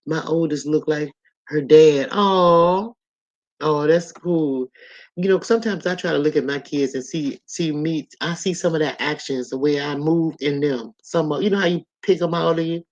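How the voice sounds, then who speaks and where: A woman's voice: low voice, normal speed, darkish tone, lo-fi sound. A woman in her sixties hosting a casual live stream, chatting loosely with viewers and reading their comments out as she goes. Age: 60s.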